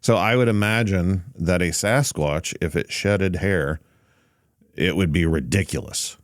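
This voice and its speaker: A man's voice: low voice, unhurried, dry recording, studio quality. A man hosting a casual podcast, easygoing and thinking aloud with frequent fillers and restarts. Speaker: podcast host.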